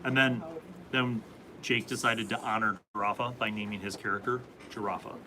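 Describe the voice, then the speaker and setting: A man's voice: lowish voice, steady tone, moderate pace, crowd noise, poor audio. A man hosting a casual live stream, reading viewer comments and rambling through answers about tabletop games.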